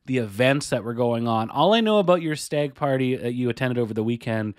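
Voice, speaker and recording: A man's voice: medium pitch, lively intonation, fairly quick, no room sound. A man co-hosting a podcast in casual chat, with a dry, wry, easygoing manner. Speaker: podcast co-host.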